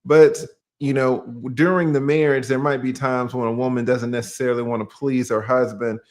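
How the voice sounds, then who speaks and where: A man's voice: medium pitch, flat delivery, brisk, a little mellow. A man with a Southern accent from Georgia, an attorney guest in a casual livestream chat, laid-back and asking rhetorical questions.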